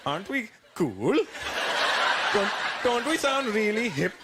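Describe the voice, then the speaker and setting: A man's voice: high-pitched, very animated, slow, very noisy, heavily acted. A man voicing a young Indian-accented guy boasting at a club, swaggering and showy. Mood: boastful.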